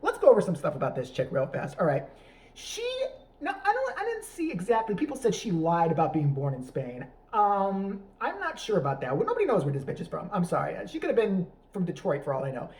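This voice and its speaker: Man ranting, crude, sarcastic, rambling, lively swings in pitch, comedy commentary. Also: fast, poor audio. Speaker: YouTube commentator. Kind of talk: profane comedic rant.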